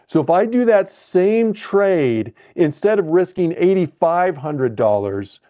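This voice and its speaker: A man runs a live webcast tutorial on trading software, narrating his thinking as he clicks and amending his own statements. His pitch is fairly high.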